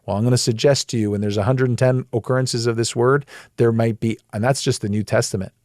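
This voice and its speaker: A man's voice: mid-range voice, quick pace, no echo, studio quality. Plain-spoken man teaching the Bible. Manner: emphatic, plain-spoken, animated when making a point. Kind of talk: conversational Bible study teaching.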